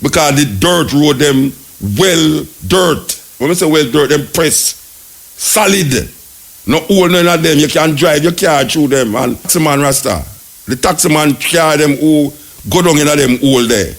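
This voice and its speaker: Jamaican radio host, gravelly husky voice, higher pitched, impassioned preachy rant. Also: male voice, unhurried. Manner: animated, ranting, preachy. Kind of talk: impassioned talk radio commentary.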